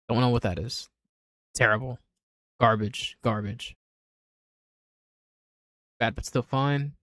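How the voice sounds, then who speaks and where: A man with a mid-range voice streams casually, ranking images with blunt, offhand remarks and plenty of swearing. It is casual livestream commentary with no room sound.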